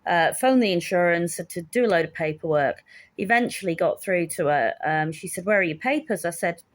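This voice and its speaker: A woman's voice: on the low side, normal speed. Wry woman in her fifties telling a story. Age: 50s. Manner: candid, wry, acts out the dialogue. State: shaken, stressed. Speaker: vlogger. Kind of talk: casual storytelling.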